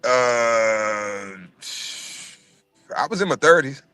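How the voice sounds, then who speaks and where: A man's voice: medium pitch, extremely slow, over music. A man around forty, telling a profane story in casual chat and acting out every voice. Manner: profane, animated, acts out every voice.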